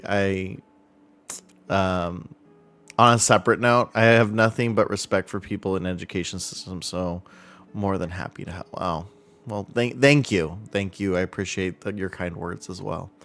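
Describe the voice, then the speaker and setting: A man in his thirties chatting casually on a live stream, heartfelt and halting, with frequent fillers and restarts. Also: sits low, a bit bright.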